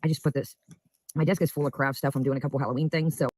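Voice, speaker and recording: A man's voice: medium pitch, fairly even intonation, very fast, a little mellow, no echo. A man in a casual home vlog, rambling chattily while tasting food. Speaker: food vlogger.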